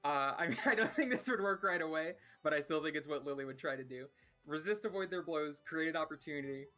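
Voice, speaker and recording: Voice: medium pitch, lively intonation, quick pace, pushed and bright, faint music behind. A player in a tabletop game, talking casually with hesitations and laughs.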